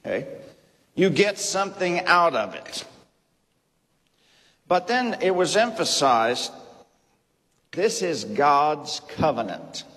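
A man teaching from the Bible in a sermon, speaking deliberately, repeating key phrases and checking in with "okay?". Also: fairly high pitch, big pitch swings, fairly bright tone. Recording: long reverb of a hall.

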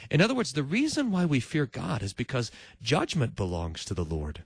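A male preacher giving a sermon in animated storytelling style, acting out each voice. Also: medium pitch, fairly quick, hardly any pauses, husky, no echo.

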